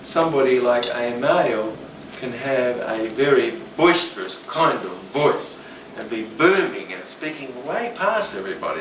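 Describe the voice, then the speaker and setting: A man giving a rambling, animated talk on rapport, now and then acting out the voices of people he quotes. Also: medium pitch, moderate pace, few pauses. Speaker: teacher. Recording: roomy, distant, noisy.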